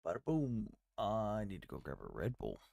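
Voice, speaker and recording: A man's voice: fairly low pitch, wildly swooping pitch, normal speed, creaky, darkish tone, no room sound. Livestream host, male, blunt and sweary, dry close sound. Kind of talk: casual chat.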